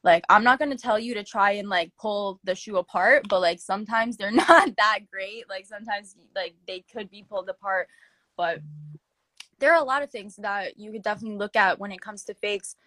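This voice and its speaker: A woman's voice: mid-range voice, normal speed, no echo. Young woman chatting with lots of fillers. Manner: filler-heavy, animated, slangy. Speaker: interviewee. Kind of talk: casual chat.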